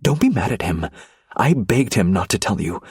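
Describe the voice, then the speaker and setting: Guy reading as a defiant young woman, shrill and indignant, husky edge. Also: sing-song, normal speed, darkish tone, no echo, studio quality, full character voice. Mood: pleading. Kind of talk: audiobook reading.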